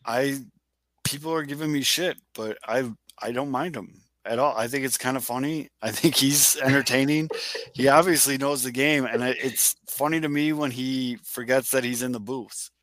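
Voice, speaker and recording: A man's voice: mid-range voice, moderate pace, fairly bright tone, no echo. A man co-hosting a sports podcast, telling stories animatedly and swearing casually. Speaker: podcast co-host.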